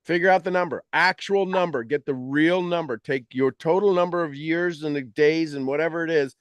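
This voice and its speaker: Man, motivational mentor, slightly high voice, animated and teasing, dry close sound. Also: fairly quick, clear, resonant tone, no echo. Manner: animated, acts out people's complaints in quoted voices; direct and teasing with the audience. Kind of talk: motivational coaching talk.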